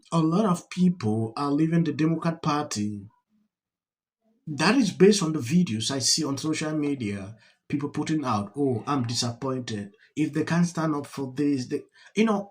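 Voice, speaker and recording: A man hosting a political commentary channel, speaking in a slow, deliberate, reflective way. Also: a little high, darkish tone.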